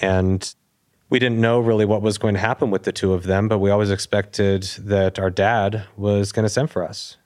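A man, a police officer guest, telling an anecdote with animated delivery and acted-out dialogue. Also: fairly low pitch, moderate pace. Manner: animated, acts out quoted dialogue. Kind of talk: storytelling anecdote.

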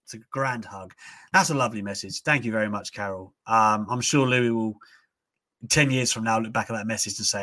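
A young man co-hosting a casual livestream, animated and quick to read out viewer messages. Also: fairly low pitch. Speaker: co-host of a wrestling livestream.

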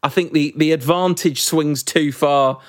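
A man's voice: on the high side, steady tone, measured pace, dry recording, studio quality. A man co-hosting a podcast in casual, jokey chat, rambling with restarts. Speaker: podcast co-host leaving the show.

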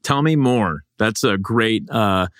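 A man's voice: lowish voice, lively intonation, takes it slowly, a bit bright, no room sound, clean studio sound. Self-deprecating man podcast co-host. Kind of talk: casual podcast conversation.

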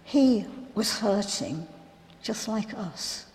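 A woman playing a grieving biblical sister in a first-person dramatic monologue, telling her story in an earnest, reflective, halting way. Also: mid-range voice, lively intonation, darkish tone, a little hiss or hum. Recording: long hall reverb.

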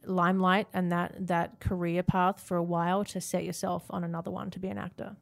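A young Australian woman talking as an interview guest, chatty and quick to laugh, with lots of fillers and restarts. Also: lowish voice, level tone, creaky. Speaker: guest, reality-show dancer. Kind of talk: casual interview chat.

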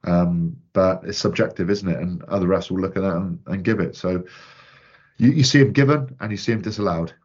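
A man with a very deep voice chats on a podcast in a measured, easygoing way. The recording sounds a little muffled. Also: a little mellow. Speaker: rugby commentator and podcast co-host. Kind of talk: casual chat.

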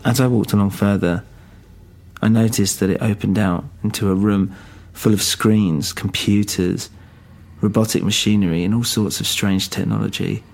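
Gravelly low-voiced male narrator. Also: steady tone, moderate pace, a little mellow. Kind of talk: first-person story narration.

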